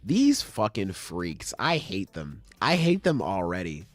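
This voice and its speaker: A man's voice: sits low, huge pitch swings, unhurried, no echo. A man co-hosting a podcast, chatting loosely and swearing as he recaps manga chapters, slipping into offhand paraphrases of the characters. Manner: laid-back, profane, acts out characters in offhand paraphrase. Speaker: podcast co-host.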